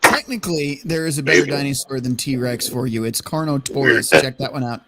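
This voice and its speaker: A man's voice: mid-range voice, a little fast. Blunt, swearing man on a noisy mic. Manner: profane, blunt. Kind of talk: casual crude banter.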